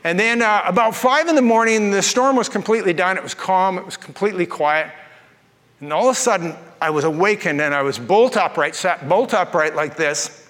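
A man with a notably high voice preaches a sermon from the pulpit, telling folksy stories with jokes. His voice carries a long reverb from a church auditorium. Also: brisk, a bit bright. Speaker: pastor.

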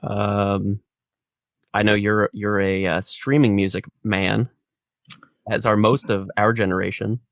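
A man co-hosting a podcast in relaxed casual chat, chuckling often. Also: on the low side, slow pace, dry recording, clean studio sound. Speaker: podcast co-host.

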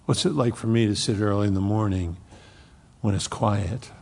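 A man preaching a sermon, swinging from loud emphasis to hushed near-whispers. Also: lowish voice, normal speed, long reverb tail. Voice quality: gravelly, husky voice. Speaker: pastor.

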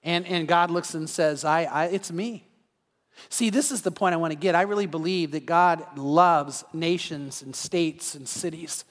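A male pastor giving an evening sermon in a conversational way, acting out everyday scenes in quick quoted voices. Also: a little high. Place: church sanctuary. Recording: long reverb of a large hall.

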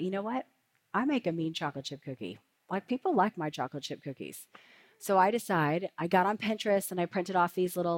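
A woman in her forties preaches to a congregation with a somewhat low voice. She tells her stories in a lively, chatty way, shifting easily between teaching and anecdote. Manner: lively storytelling, chatty and animated. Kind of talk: sermon with personal story.

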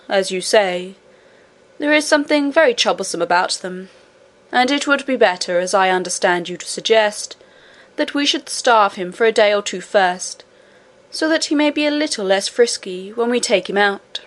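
A woman voicing a pompous goblin king who speaks slowly and solemnly in a storybook reading. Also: mid-range voice, expressive, lightly acted. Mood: pondering. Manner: slow, solemn, dignified.

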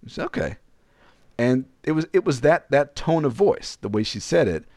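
A man's voice: medium pitch, normal speed, dry recording, studio quality. A man casually telling a frank personal story, rambling and acting out the dialogue. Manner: frank, rambling, animated retelling with quoted dialogue.

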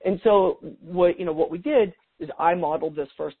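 A man's voice: high voice, moderate pace, phone-quality sound. A middle-aged man talking as a guest expert in a podcast interview, chatty, with frequent restarts and easy laughs.

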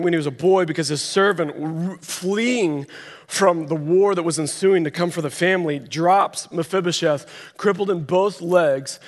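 A man preaching a sermon, telling a story with dramatic voiced quotes. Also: on the high side. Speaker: pastor. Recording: long reverb of a large hall.

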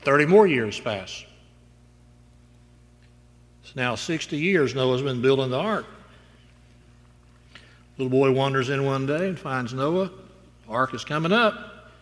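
A man's voice: medium pitch, animated, slow, long pauses. A male pastor preaching a sermon, moving from storytelling to emphatic declarations. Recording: long reverb in a large hall.

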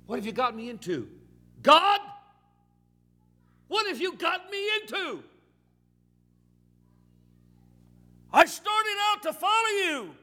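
A man's voice: on the high side, brisk, a bit bright, breathy edge. A man voicing a frustrated, worn-out fisherman disciple who pleads with and reproaches God. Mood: anguished. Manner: pleading, raw complaint to God.

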